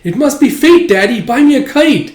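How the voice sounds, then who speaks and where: A man voicing a whiny little boy who keeps pleading with his father, in a high, nagging voice. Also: lively intonation, moderate pace, a little mellow, roomy sound.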